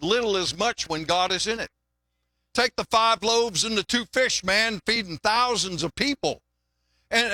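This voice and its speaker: Folksy older pastor, bright voice. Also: male voice, high-pitched, no room sound, studio quality. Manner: folksy, conversational, repeats words when restarting. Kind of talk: sermon with jokes.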